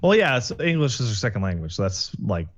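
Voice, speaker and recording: A man's voice: medium pitch, big pitch swings, quick pace. A man from Canada chatting as a podcast co-host, teasing and blunt, swearing casually. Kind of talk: casual chat.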